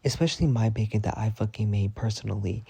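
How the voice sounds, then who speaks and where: A young man rants through stories straight to camera, cursing freely. He jumps into dramatic retellings with lots of expression. His voice is low and mellow, recorded dry and close. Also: fast, vocal fry, slightly rough, dry recording. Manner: profane, dramatic, animated retelling. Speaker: vlogger. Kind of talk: casual storytelling rant.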